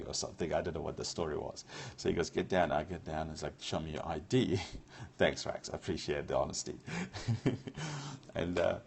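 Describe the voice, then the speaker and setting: A man's voice: extremely low pitch, gravelly, a little hiss or hum. A man from Iraq telling his life story to an audience, candid and unscripted, often restarting and repeating phrases as he goes.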